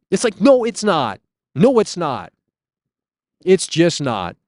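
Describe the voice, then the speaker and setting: A man's voice: high voice, wildly swooping pitch, takes it slowly, long pauses, a little mellow, dry recording, clean studio sound. A man hosting a casual live stream outdoors on his phone, ranting and swearing as he answers chat. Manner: ranting, profane, reading chat aloud.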